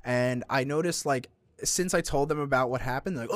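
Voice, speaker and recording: Young man, podcast co-host, casual chat, swears a lot, mid-pitched, dry close sound. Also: a little fast, no room sound. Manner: swearing, animated, slips into mock voices.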